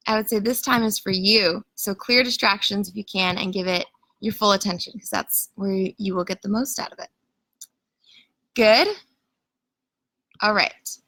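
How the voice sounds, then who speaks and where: Woman, live-stream coach, bright voice, casual filler-heavy delivery, dry close sound. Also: medium pitch, fairly even intonation, moderate pace, pauses often, dry recording, poor audio. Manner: greets viewers and reads comments aloud. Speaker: coach leading an online challenge.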